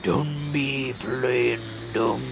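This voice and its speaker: A man's voice: mid-range voice, steady tone, extremely slow, vocal fry, very noisy, voice pushed down. Man growling as cursing street thugs. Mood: angry, threatening. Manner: snarling, cursing, threatening. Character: gang of angry young male street thugs.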